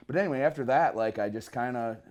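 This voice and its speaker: A man from northern Michigan, a bass player guesting on an interview, telling rambling stories in a laid-back, slangy way. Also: quick pace, darkish tone. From northern Michigan, USA. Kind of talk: casual storytelling interview.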